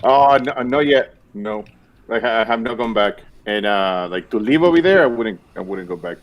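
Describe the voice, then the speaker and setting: A man's voice: fairly low pitch, expressive, moderate pace, dull audio. A man from Argentina, living abroad for two decades, chatting casually in a rambling way with many fillers. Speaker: guest. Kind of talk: casual chat.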